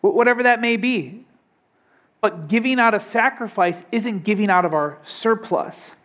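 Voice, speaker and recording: A man's voice: sits high, moderate pace, a bit bright. A young adult man preaching a sermon in a conversational way, often asking the congregation questions. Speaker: pastor.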